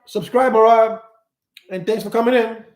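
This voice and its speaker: A man's voice: sits high, steady tone, normal speed. A man hosting a live stream, reading viewer comments and rambling through his opinions, often repeating words while he searches for them. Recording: echoey room.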